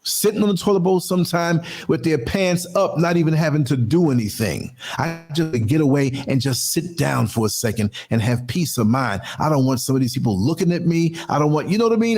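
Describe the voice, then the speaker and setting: A man hosts his own podcast in an emphatic, conversational monologue. His voice sits a little high and has a husky edge. He drops and raises his pitch to stress his points. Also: lively intonation, a little fast, hardly any pauses, darkish tone. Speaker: podcast host. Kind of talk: casual monologue commentary.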